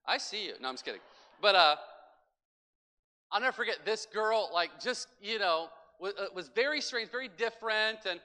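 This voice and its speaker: A man's voice: high voice, moderate pace. A middle-aged male pastor preaching a sermon, telling stories animatedly and speaking straight to the congregation. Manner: animated storytelling preacher, acts out voices and asides to the congregation. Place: church sanctuary. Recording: long church hall reverb.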